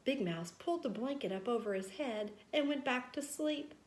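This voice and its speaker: A woman reading a children's story aloud, gentle and expressive. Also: high-pitched, normal speed. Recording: roomy echo.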